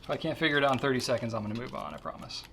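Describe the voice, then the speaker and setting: A man hosting a pen shop question-and-answer show, talking casually and easygoing, thinking out loud as he handles a pen. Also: mid-range voice, rapid-fire, gravelly, a little hiss or hum. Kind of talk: casual chat.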